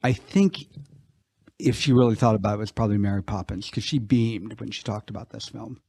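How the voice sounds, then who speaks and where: A man's voice: on the low side, a little fast, vocal fry, mellow, husky, no echo. A male podcast co-host speaks in a reflective, conversational way. He drops dry little asides into a casual film chat.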